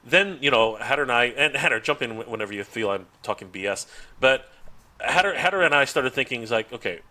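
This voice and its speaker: A toy YouTuber appears as a guest on a podcast, chatting casually and telling a story in a fast, mid-range voice. He's animated, acting out the quoted dialogue, laughing often, and restarting frequently.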